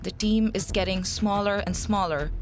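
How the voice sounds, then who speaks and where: A woman stylist explaining her work in a plain, matter-of-fact way. Clear music plays behind her voice. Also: medium pitch, steady tone, normal speed. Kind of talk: interview.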